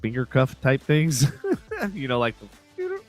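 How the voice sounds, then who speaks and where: A chatty man with a blocked-up nose, his pitch leaping around as he talks. He swears casually and breaks into laughter between his rambling stories, like a podcast co-host talking with a friend. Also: huge pitch swings, slow pace, faint music behind. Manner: laughs often, swears freely, rambling asides. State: stuffed-up nose. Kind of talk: casual chat.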